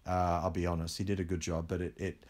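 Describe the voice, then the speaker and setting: A man's voice: sits low, monotone, fast, darkish tone. A man speaking as a film director in an interview, telling candid stories with frequent fillers. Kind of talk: conversational interview.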